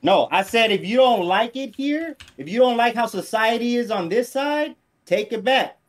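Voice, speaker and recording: A man's voice: very high voice, expressive, moderate pace. A man in a heated live stream argument, combative and mocking, repeating his taunts over and over.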